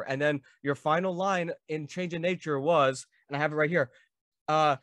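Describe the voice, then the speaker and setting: An enthusiastic man hosts the chat, eagerly quizzing his guest like a devoted fan. His voice sits a bit high and sounds dry and close. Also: fairly even intonation, normal speed, a bit bright, no echo. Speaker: podcast host. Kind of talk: casual interview.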